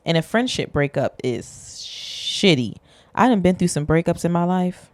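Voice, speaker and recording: A woman's voice: fairly low pitch, expressive, unhurried, dry recording. A young woman hosting a podcast, talking frankly and casually in a rambling way, swearing freely and joking at herself. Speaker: podcast host. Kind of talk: candid casual monologue.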